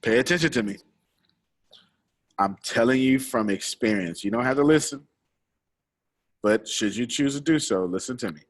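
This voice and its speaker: A man's voice: medium pitch, normal speed, long pauses. Man leading a study group, folksy preacher cadence. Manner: folksy, preacher-like cadence, repeats lines for emphasis. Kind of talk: lively teaching talk with a small group.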